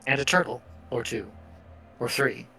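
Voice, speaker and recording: A man narrating a tabletop game as game master, relaxed and hesitant, with frequent fillers. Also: mid-range voice, normal speed, slight background noise.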